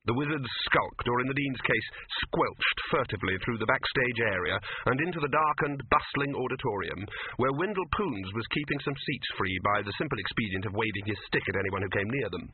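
A man narrating a comic fantasy story with wry, expressive storytelling. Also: medium pitch, brisk, slight background noise. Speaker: audiobook narrator. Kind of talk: scripted narration. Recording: tinny, phone-like recording.

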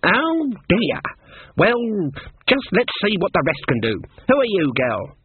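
A man reading an audiobook, voicing a stern, sharp-tongued old woman witch who talks briskly and scornfully. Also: sits high, wildly swooping pitch, slight background noise, pitched above the performer's own voice, exaggerated voice. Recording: dry tinny phone-like sound.

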